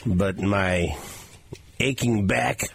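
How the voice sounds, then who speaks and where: A man's voice: on the low side, very slow, vocal fry, slight background noise. Bantering male radio host. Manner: jokey, bantering. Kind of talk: radio sports talk.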